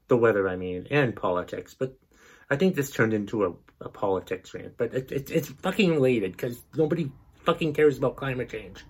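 A man's voice: medium pitch, animated, moderate pace, breathy edge. A male podcast host delivering an exasperated, profanity-heavy rant. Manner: angry, exasperated, heavy swearing.

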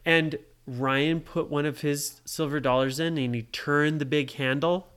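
A parent telling a made-up story to a child, pausing to ask the child questions. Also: medium pitch, steady tone, fairly bright tone, clean tone. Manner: slow, asks the listening child questions. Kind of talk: bedtime story told to a child.

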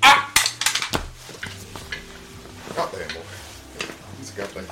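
A man's voice: deep voice, wildly swooping pitch, slow, heavy background noise. A man co-hosting a casual podcast, playful with a mock-tough drawl in improv banter. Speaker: podcast co-host. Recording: echoey room, off-mic, music behind.

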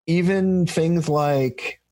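A man's voice: a little high, drawn-out words, dark tone, no echo. A man hosting a casual interview, telling a story in a rambling way with many restarts. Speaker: podcast host. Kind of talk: casual conversation.

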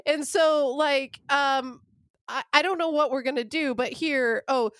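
A woman's voice: high-pitched, measured pace, fairly bright tone, dry recording. A young adult woman telling a long, rambling, profane story in casual chat.

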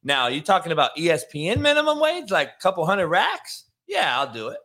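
A man's voice: high voice, huge pitch swings, a little fast, pushed and bright. A man hosting a solo sports talk show, ranting in a brash, profane, combative way and talking to his live chat viewers. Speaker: show host.

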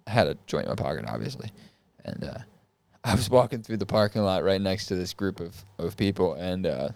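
A man's voice: sits low, lively intonation, brisk, creaky, darkish tone, no echo. A man co-hosting a podcast in casual chat, laid-back and joking. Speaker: podcast co-host.

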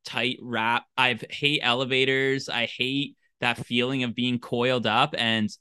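A man's voice: medium pitch, little pitch movement, unhurried, bright, forceful tone, clear, resonant tone, dry recording. A man talking as a podcast guest, chatting casually and expressively. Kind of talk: casual chat.

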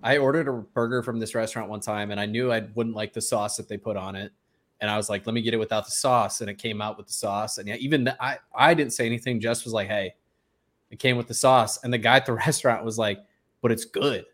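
A man's voice: fairly low pitch, steady tone, fast talker, a bit bright. A man in casual chat, speaking candidly and a bit rambling about personal lessons. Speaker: podcast co-host.

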